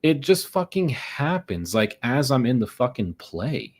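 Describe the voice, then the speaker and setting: A man's voice: medium pitch, big pitch swings, measured pace, breathy edge. A young man live-streaming his day trading, exasperated and swearing as he mutters to himself about his losses. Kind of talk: frustrated live commentary.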